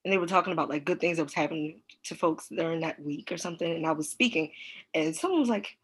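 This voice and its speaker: A woman's voice: sits low, fast talker, husky. A woman from Baltimore with a mild Baltimore accent, hosting a casual interview and laughing often. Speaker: podcast host.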